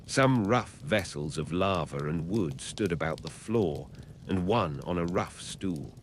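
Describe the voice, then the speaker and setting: A man reading a classic novel aloud as an audiobook narrator, in a measured, even storytelling manner. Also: low voice, slight background noise.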